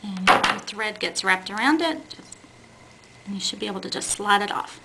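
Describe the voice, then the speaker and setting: A woman's voice: mid-range voice, lively intonation, moderate pace, heavy background noise. A woman teaching a beading technique step by step, talking plainly and patiently and correcting herself as she works with her hands. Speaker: beading instructor. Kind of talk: step-by-step craft tutorial.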